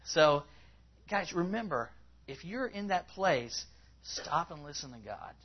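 A man preaching a conversational sermon to a congregation, acting out people's words in a higher voice as he quotes them. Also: lively intonation, a little slow, a little hiss or hum. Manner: conversational, rising in pitch when acting out quotes. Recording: slightly dull, lo-fi recording.

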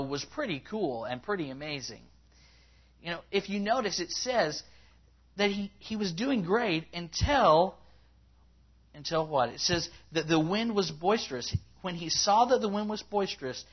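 Brief: chatty storytelling preacher, lively pitch swings, husky edge, dull lo-fi sound. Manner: conversational, animated storytelling with many asides. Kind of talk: sermon. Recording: dull lo-fi recording.

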